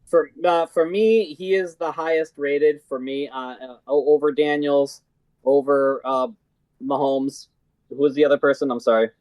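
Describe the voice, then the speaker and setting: Podcast guest guy, kinda slightly high voice, halting, dry close sound. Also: steady tone, darkish tone, no echo, low-quality recording. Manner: hesitant, halting, with many fillers and restarts. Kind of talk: casual fantasy football chat.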